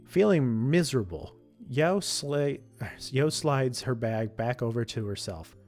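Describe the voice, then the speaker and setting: A man's voice: medium pitch, unhurried, faint music behind. Man reading a visual novel aloud. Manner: steady reading with frequent slips and self-corrections. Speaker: let's play streamer reading a visual novel. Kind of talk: reading game text aloud.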